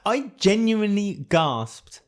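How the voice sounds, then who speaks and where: A man's voice: high voice, big pitch swings, takes it slowly. A man co-hosting a podcast, chatting animatedly, laughing often and acting out quotes. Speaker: podcast co-host. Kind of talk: casual chat.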